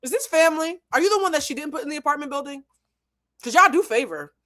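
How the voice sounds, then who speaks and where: A woman's voice: sits high, expressive, fast, pushed and bright. Sassy woman doing a live reaction, laughs a ton, voice jumps all over. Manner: sassy, laughs often, mocking. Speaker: host.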